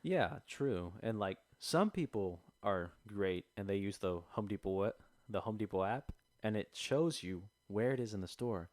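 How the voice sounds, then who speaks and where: Young man telling a lively story. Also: fairly low pitch, moderate pace, hardly any pauses, no echo. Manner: animated storytelling, acts out customers. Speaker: podcast co-host. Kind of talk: casual chat. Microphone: close podcast mic.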